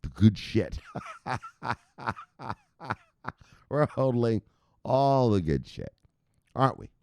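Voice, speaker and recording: A man hosting a crypto livestream from home, cursing freely, laughing often and shouting at his viewers. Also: mid-range voice, sing-song, slow, clear, resonant tone, no echo, studio quality. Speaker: crypto news host. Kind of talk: casual livestream rant.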